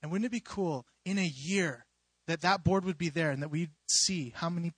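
A young man telling a story in an informal sermon, animated and rambling, with many restarts and fillers. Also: fairly high pitch, moderate pace, breathy edge, no echo. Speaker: youth preacher.

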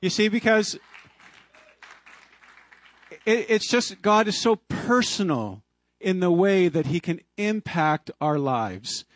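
A man in his fifties, a preacher telling a personal story in a sermon, animated and often chuckling. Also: high-pitched, slow, long pauses, some chatter behind. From Canada. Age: 50s.

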